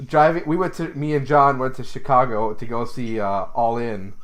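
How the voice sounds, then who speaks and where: A man's voice: mid-range voice, fairly even intonation, normal speed, a bit bright. Man, podcast co-host, casual chat, blunt, opinionated, swears a lot.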